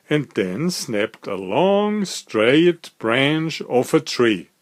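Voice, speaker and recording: A man reading a children's picture book aloud, with slow, lively storytelling. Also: medium pitch. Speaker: storybook reader.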